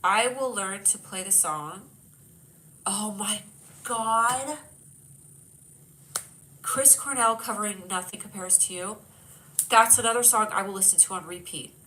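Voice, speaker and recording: A woman's voice: mid-range voice, normal speed, pushed and bright, a little hiss or hum, rough recording. A woman hosting a live stream, chatting casually and joking with her chat, her voice whiny from a stuffed-up nose. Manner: chatty, jokey, reads chat aloud. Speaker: livestream host.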